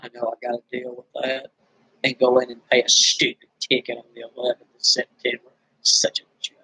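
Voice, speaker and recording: A man's voice: medium pitch, monotone, brisk, pushed and bright, husky, no echo, low-quality recording. Weary, bitter man venting, dry room. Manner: weary, bitter and rambling, with many restarts. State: dry-throated after screaming. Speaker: vlogger. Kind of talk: venting straight to camera.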